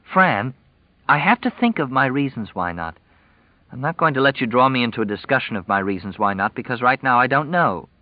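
A man voicing a sharp-tongued young pregnant woman, cool and sarcastic in her replies. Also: mid-range voice, expressive, a little fast, dry recording, dull audio, voice pushed up, lightly acted. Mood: firm.

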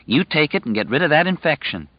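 A man's voice: fairly high pitch, sing-song, fast talker, no room sound, voice pushed up. Man doing a raised, earnest childlike grown man, insistent and repetitive, dull dry audiobook sound. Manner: urgent, insistent, repeating himself.

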